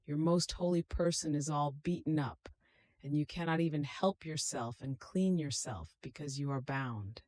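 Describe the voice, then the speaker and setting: A woman reading a devotional meditation aloud in a slow, solemn, prayerful manner. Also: deep voice, a little mellow, no room sound. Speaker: devotional reader.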